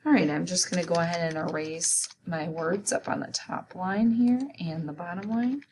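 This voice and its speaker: A woman's voice: on the low side, moderate pace, noisy background. A woman teaching a spelling lesson, carefully sounding out words letter by letter and syllable by syllable.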